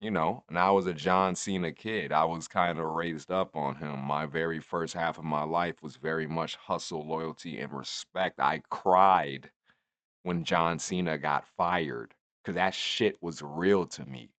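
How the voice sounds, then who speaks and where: A man's voice: very deep voice, steady tone, measured pace, fairly bright tone, dry recording. A man in his twenties giving a rambling, profane, casual recap of a wrestling show. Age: 20s. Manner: rambling, profane, laid-back.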